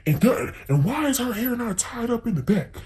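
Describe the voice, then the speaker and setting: Irate older man with a Pakistani accent, yelling over the phone, put on by a teenage girl; pitched high, dark timbre. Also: sing-song, normal speed. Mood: angry scolding. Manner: scolding, yelling. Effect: phone call.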